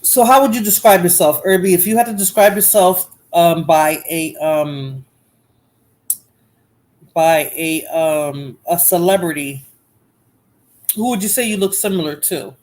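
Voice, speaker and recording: A woman's voice: lowish voice, a little slow, long pauses, darkish tone, poor audio. A woman hosting a casual livestream, chatting to viewers in chat by name in a drowsy, rambling way. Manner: drowsy, rambling with fillers and restarts. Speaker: livestream host.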